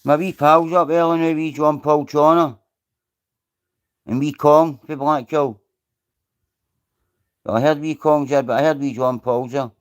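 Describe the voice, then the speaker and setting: A man's voice: fairly high pitch, steady tone, measured pace, pauses often, smooth. A man with a Scottish accent hosting a casual live stream, rambling, swearing freely and greeting viewers by name. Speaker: livestream host.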